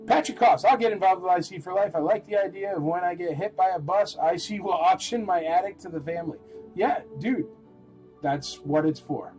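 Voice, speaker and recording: A man hosting a live-stream toy auction, chatting in a rambling, animated way and calling out bids. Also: high-pitched, brisk, faint music behind, poor audio.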